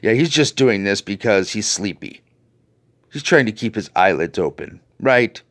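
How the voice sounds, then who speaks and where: A man's voice: on the low side, big pitch swings, normal speed, a bit bright. A man hosting a video, ranting to his viewers in an angry, profane and sarcastic way. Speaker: video host.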